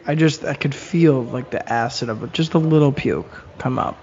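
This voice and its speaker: A man's voice: mid-range voice, moderate pace, a little mellow. A man co-hosting a casual podcast with wry, joking quips, speaking over a remote call. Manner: wry, joking, gross-out humor. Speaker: podcast co-host. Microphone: remote call headset mic. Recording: dull lo-fi call audio with faint background noise.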